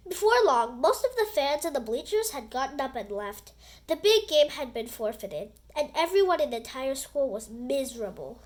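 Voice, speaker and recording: A woman reading a children's book aloud in an animated, expressive storytelling voice. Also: sits high, moderate pace.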